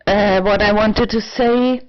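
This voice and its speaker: Recorded at home in a flat, lo-fi way, this tipsy woman vlogger drifts through a rambling personal monologue at a slow, halting pace. Her intonation stays fairly even, though she wanders off topic, restarts often, leans on fillers, and occasionally erupts in shrill, high sarcasm.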